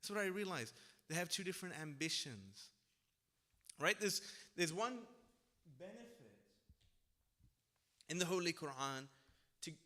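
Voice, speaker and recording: A man's voice: on the high side, pushed and bright. A young man on a religious discussion panel, speaking casually and reflectively, often checking in with "right?". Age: young adult. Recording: long hall reverb.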